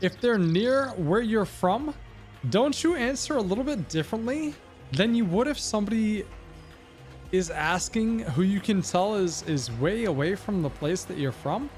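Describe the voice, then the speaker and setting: A man's voice: sits high, animated, unhurried, a little mellow, faint music behind. A man livestreaming a game, rambling and musing as he talks to his chat in casual commentary. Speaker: gaming livestreamer.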